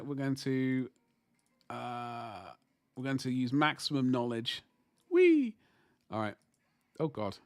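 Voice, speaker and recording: A man's voice: mid-range voice, clean tone, dry recording, clean studio sound. A man hosting a casual livestream, rambling and chatting with viewers while painting miniatures at his desk. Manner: chatty, rambling, talks to chat while working.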